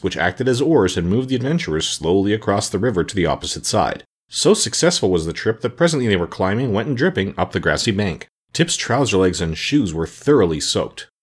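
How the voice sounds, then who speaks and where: A man reading a children's fantasy story aloud as an audiobook narrator, with expressive storytelling. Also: fairly low pitch, breathy edge.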